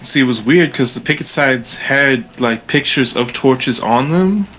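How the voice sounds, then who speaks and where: A man's voice: medium pitch, unhurried, fairly bright tone, slight background noise. A man playing in a tabletop game, joking and stammering a little. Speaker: player. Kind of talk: casual tabletop role-play.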